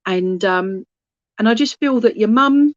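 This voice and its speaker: A woman's voice: medium pitch, measured pace, dry recording. A woman gives a mediumship reading into a phone she holds in her hand. She talks in a chatty, rambling way, loses her track and starts again, and keeps dropping fond little asides to her listeners. The sound is dry and slightly dull, like a lo-fi online stream. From England. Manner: affectionate asides to the audience. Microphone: phone held in hand.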